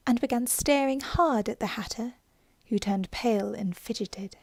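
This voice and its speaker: A woman narrating a storybook audiobook in a gentle, hushed ASMR reading style. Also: on the high side, a little slow, no echo.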